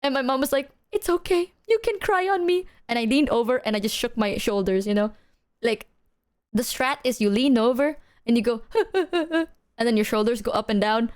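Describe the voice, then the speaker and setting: A young woman streamer chatting casually, telling an animated story and acting out the quotes. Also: fairly high pitch, moderate pace. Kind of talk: casual chat.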